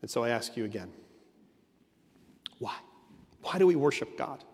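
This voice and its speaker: A man's voice: medium pitch, lively intonation, moderate pace, a little mellow, long reverb tail. A man preaching an earnest sermon as a pastor, leaning on emphatic repetition.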